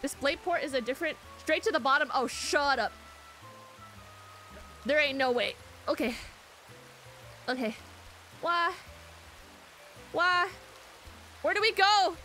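A woman's voice: sits high, animated, slow pace, pauses often, pushed and bright, faint music behind. A young woman streaming a game, reacting jumpily, swearing, shrieking and reading chat aloud. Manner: jumpy, swears a lot, frequent shrieks.

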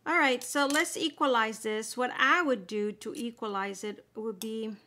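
A woman's voice: a little high, a little slow, bright, forceful tone, a little hiss or hum. A woman chatting casually through a makeup tutorial, explaining each step as she applies it. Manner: chatty, explaining steps while applying makeup. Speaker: beauty vlogger.

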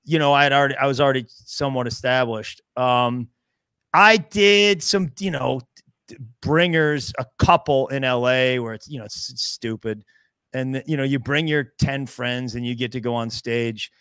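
A man's voice: mid-range voice, moderate pace, smooth, no echo, clean studio sound. A man in his fifties from the American Midwest, a stand-up comedian telling stories as a guest in a casual podcast chat, acting out the dialogue. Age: 50s. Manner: animated storyteller who acts out dialogue.

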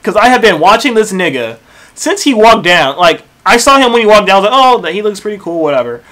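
A young man telling a work story in a casual storytime rant, profane and animated, dropping into low mutters for asides. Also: fast talker.

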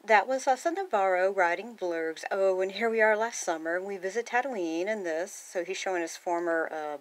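A woman casually reading a picture book aloud, chatting, laughing and gasping between pages. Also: fairly low pitch. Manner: chatty, often laughs and gasps, lively character lines. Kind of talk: casual read-aloud with commentary.

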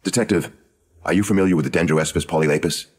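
A man's voice: deep voice, fast, darkish tone, breathy edge. A man doing a sarcastic 1920s woman writer. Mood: wry. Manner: dry, knowing and sarcastic. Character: sharp, sardonic woman screenwriter of the 1920s. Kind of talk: true crime audio drama.

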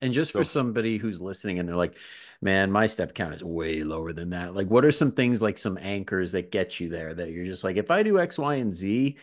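A man hosting a podcast, laid-back and quick to laugh, asking follow-up questions in casual chat. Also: deep voice, animated. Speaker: podcast host.

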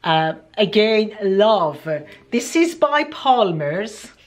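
A woman's voice: mid-range voice, sing-song. A woman with an accent, chatting unhurriedly through a beauty product review with plenty of ums. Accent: non-native English accent. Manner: chatty and deliberate, many ums. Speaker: beauty vlogger.

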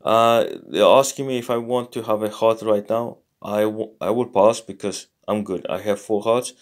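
A man teaching a casual lesson, thinking aloud in a halting way and sounding out foreign words slowly. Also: lowish voice, steady tone. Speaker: language learner teaching a lesson. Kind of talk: casual screen-recorded lesson.

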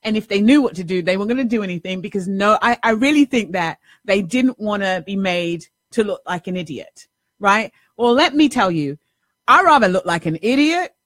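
At medium pitch and normal speed, a woman who hosts and works as a life coach tells an animated story. She acts out the lines, swears occasionally, and keeps it casual, with clean studio sound and no echo.

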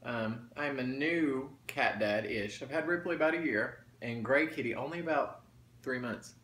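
At a normal speed and in a medium-pitched, fairly bright voice, a mukbang vlogger keeps up a folksy, talkative conversation with viewers over his meal. Echo from the room and faint background noise come through in the audio.

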